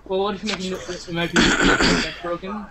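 A man's voice: sits high, level tone, fairly quick, creaky. A man co-hosting a casual online chat, making wry, sarcastic asides. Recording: loud background noise.

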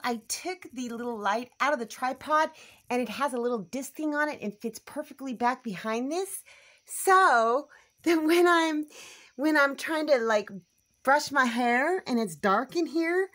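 A homestead vlogger chats casually to the camera, rambling and thinking aloud as she goes, first in a small home at night and later out in the yard. Her voice is high, animated, and fairly bright, and she speaks unhurriedly.

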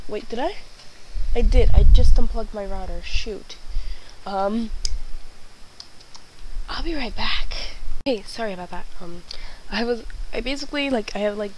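A young woman chats her way through a game from her bedroom, rambling and apologizing between moments of exasperation. Her voice sits at a middle pitch and comes through a headset mic. A faint hiss of background noise runs under it. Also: rough recording. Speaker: gaming channel host. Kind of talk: casual let's-play commentary. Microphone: wireless headset.

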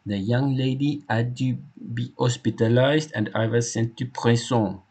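A man voicing a loyal male butler with a rough past, earnest and deferential, in a game read-aloud. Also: medium pitch, fairly even intonation, a little slow, a little mellow, voice pushed up. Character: devoted male butler, former convict, loyal.

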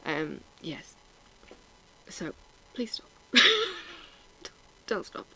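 A woman's voice: low-pitched, lively intonation, very slow, bright, forceful tone, breathy edge, low-quality recording. A woman, chatting frankly and bluntly to her viewers in a casual vlog, teary and sniffling. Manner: blunt, frank and self-mocking, with swearing and laughs. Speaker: vlogger.

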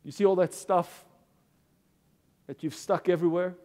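A man's voice: high voice, steady tone, moderate pace, dark tone. A man preaching a sermon as a pastor, earnest and stumbling over repeated words as he builds his points. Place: church. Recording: reverberant church hall.

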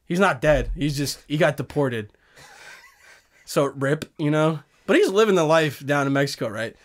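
A young man hosting a podcast, telling stories in a loose, animated way, swearing and laughing often. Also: fairly high pitch, normal speed. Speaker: podcast host. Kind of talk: casual chat.

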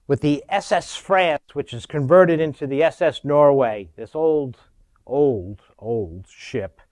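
A middle-aged man giving a lively storytelling talk in a university auditorium, acting out quotes with sudden loud bursts. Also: a little high. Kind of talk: animated storytelling.

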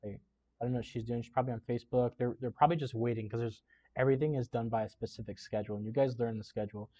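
A man's voice: medium pitch, steady tone, very fast, warm tone. A man casually chatting in a reaction vlog, emotional and full of fillers. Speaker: YouTuber reacting to a Navy boot camp video.

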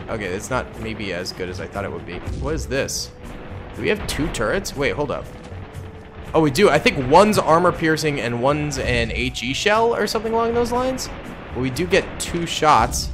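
Young guy calling his own gameplay: animated, excitable, shouts at big moments, soft music bed. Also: medium pitch, moderate pace. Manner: excitable, bursts of loud yelling, casual slang. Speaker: gaming YouTuber.

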